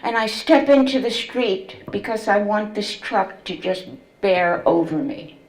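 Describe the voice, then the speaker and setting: An older woman telling her own life story, slow and deliberate, with deep feeling in her storytelling. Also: lively intonation, roomy sound, low-quality recording. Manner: slow, deliberate, emotional storytelling with quoted voices. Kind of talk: first-person storytelling to an audience.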